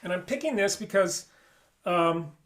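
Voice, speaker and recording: A man's voice: high voice, expressive, measured pace, fairly bright tone. A man teaching an online flute lesson, explaining articulation and singing rhythms on syllables.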